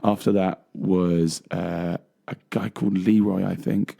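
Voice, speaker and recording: A man's voice: low-pitched, fairly even intonation, unhurried, creaky, dark tone. A young man, co-hosting a casual chat show, rambling along with many fillers and laughs. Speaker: co-host.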